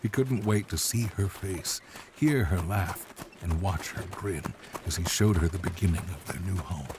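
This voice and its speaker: Very deep-voiced male storyteller. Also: noisy background. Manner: measured, dramatic. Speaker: narrator. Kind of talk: scripted storybook narration.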